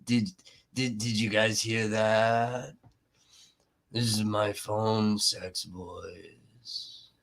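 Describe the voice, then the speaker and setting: A man's voice: on the low side, little pitch movement, very slow, creaky, long pauses, a bit bright, heavily acted. A man mocking a drawling smug defense lawyer. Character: slow, smug male defense lawyer addressing a jury.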